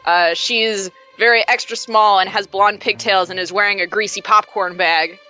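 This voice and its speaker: A woman's voice: mid-range voice, fairly even intonation, normal speed, pushed and bright, muffled recording, soft background music. A woman playing a tabletop role-playing game, talking in a playful, giggly way. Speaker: player. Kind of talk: tabletop role-play chat.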